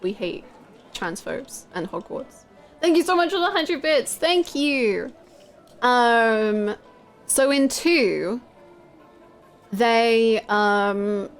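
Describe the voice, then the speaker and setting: Young British woman streamer, high-ish voice, lively chat, soft game music behind. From United Kingdom. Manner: animated, laughing storytelling, reading chat aloud. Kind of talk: casual live-stream chat with viewers.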